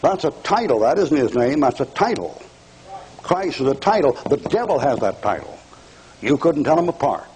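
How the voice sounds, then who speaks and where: A man's voice: mid-range voice, very animated, moderate pace, darkish tone, a little hiss or hum, low-quality recording. An older man preaching a televised fire-and-brimstone sermon, mocking and taunting his audience with bursts of laughter.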